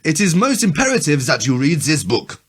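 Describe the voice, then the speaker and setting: A softly spoken little German man with a heavy German accent, as a podcaster puts him on in a reading. He delivers each warning slowly and solemnly, with an overdone air of doom. The voice is husky and the pitch rises and falls a lot. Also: huge pitch swings, heavily acted. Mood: grave. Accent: German (put-on). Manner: slow, exaggerated, ominous reading. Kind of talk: comic reading aloud from a novel.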